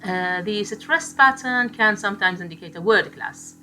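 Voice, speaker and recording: Bright-voiced woman teaching phonetics. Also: medium pitch, a little hiss or hum. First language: Arabic. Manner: explains slowly, repeats example words, switches into Arabic asides. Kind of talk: phonetics lecture.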